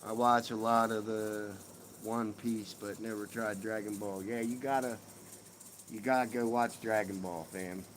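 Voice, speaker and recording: A man's voice: lowish voice, fairly even intonation, measured pace, a little hiss or hum, poor audio. Profane, joking middle-aged man. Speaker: live-stream host. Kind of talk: casual chat with viewers. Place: outdoors on a home porch.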